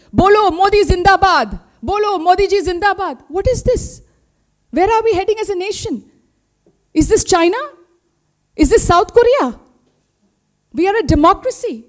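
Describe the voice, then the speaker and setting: A woman's voice: high voice, darkish tone. A middle-aged woman with an Indian accent, speaking at a press conference as a party spokesperson, indignant and full of rhetorical questions.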